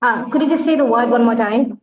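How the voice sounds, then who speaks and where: A woman's voice: a little high, brisk, far from the mic. Hesitant woman on an echoey call. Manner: hesitant, asks for help. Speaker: workshop participant. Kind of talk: trying a phrase in class.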